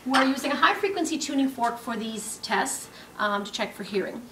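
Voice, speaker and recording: A woman teaching a clinical skills demonstration, explaining step by step with frequent pauses and fillers. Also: a little high, animated, fairly bright tone, a little hiss or hum. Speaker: nursing instructor. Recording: roomy, distant mic with faint ambience.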